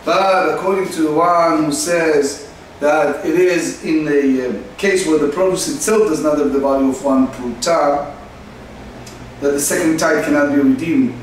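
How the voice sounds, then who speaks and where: Man, Talmud lesson, slow halting explanation, faint background noise. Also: fairly high pitch, far from the mic. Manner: slow, halting delivery, reading Aramaic then translating. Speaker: Talmud teacher. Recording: echoey room, faint noise.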